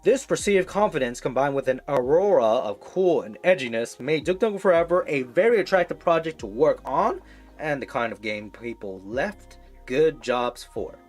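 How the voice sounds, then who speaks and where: Guy reading an article on stream, stumbly, quiet music going behind. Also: mid-range voice, lively intonation. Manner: stumbling, halting read with asides. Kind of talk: casual stream commentary reading aloud.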